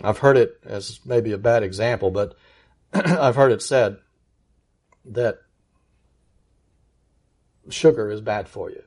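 A man's voice: on the low side, a little mellow. Emphatic male preacher. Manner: earnest, emphatic preaching, slows for key words. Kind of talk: sermon.

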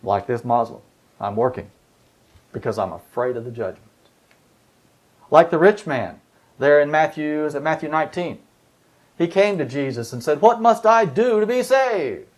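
A man's voice: on the high side, animated, moderate pace, pauses often. A man preaching a sermon, walking through scripture verses in a conversational way and asking his listeners rhetorical questions.

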